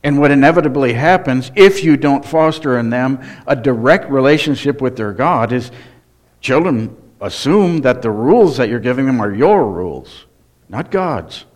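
A man's voice: medium pitch, expressive, normal speed. A man preaching a sermon, earnest and emphatic, often asking the congregation direct questions. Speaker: pastor.

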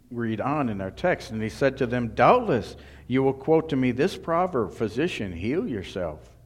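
A man preaching a sermon, emphatic and deliberate, now and then voicing what the crowd thinks. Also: medium pitch. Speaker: pastor.

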